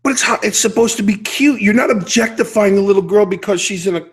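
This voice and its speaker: A middle-aged man hosts a casual podcast chat, ranting about whatever is on his mind. He talks in a blunt, animated way, and his voice sits a little higher than most men's. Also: quick pace, slight background noise. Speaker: podcast host.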